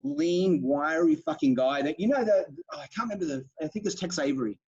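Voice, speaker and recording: A man's voice: on the high side, big pitch swings, a little fast, gravelly, darkish tone, husky. A man co-hosting a podcast, retelling film scenes in a rambling, profane, enthusiastic way. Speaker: podcast co-host. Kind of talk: casual film chat. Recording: dull lo-fi sound.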